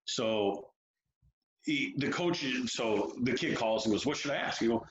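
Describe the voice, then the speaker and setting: Frank, animated man in roomy audio. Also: medium pitch, unhurried, a little hiss or hum. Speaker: hockey development coach. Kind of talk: candid interview talk. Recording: roomy, dull lo-fi sound.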